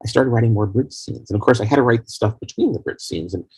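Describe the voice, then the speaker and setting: A man being interviewed as a guest, telling long rambling stories about making his film in a casual, animated way. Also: medium pitch, quick pace, breathy edge, no echo. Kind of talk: casual anecdotal storytelling.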